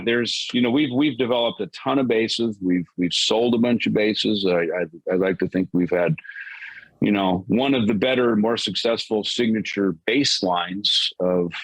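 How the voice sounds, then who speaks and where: Laid-back low-voiced man rambling about gear. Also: no echo, low-quality recording. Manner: loose, rambling, laughs often, says dude. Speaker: guest musician. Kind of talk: casual podcast interview.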